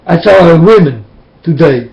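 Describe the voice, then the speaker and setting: A man's voice: on the high side, expressive, normal speed, creaky, darkish tone, dull audio. A man preaching intense, repetitive warnings into a webcam. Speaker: self-styled preacher. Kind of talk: webcam sermon.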